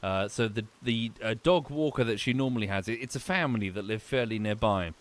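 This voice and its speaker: Speaking briskly at a fairly low pitch, a young man from England with a polished southern English accent gives live gameplay commentary, musing aloud in casual chat and thanking his viewers.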